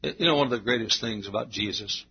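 A man preaching a sermon to his church, repeating phrases and rising into shouted climaxes. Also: fairly low pitch, fast talker, vocal fry, breathy edge. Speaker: pastor. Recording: dull lo-fi sermon recording.

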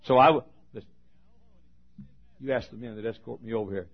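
A low, gravelly male preacher tells a story from the pulpit, his voice husky and worn. He swings from loud emphasis to hushed asides. The recording sounds dull and lo-fi. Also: fairly even intonation, quick pace, long pauses. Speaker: pastor. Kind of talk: storytelling sermon.

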